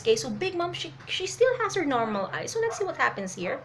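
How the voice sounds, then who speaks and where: A woman doing a live reaction to a comic, excitable and a little nervous, laughing and tagging her sentences with "okay?". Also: high voice, fast, hardly any pauses, slight background noise, poor audio. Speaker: manga reaction vlogger. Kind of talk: live reaction and reading aloud.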